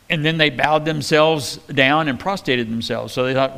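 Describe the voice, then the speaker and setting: A man teaching from the Bible as a pastor, in a relaxed, conversational way with joking asides. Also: mid-range voice, brisk, few pauses.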